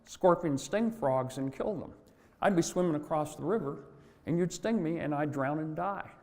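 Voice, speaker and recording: A man's voice: a little high, moderate pace, a little mellow, in a large hall, natural voice. A man voicing a wary, indignant male frog in a fable, talking bluntly and emphatically. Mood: emphatic refusal.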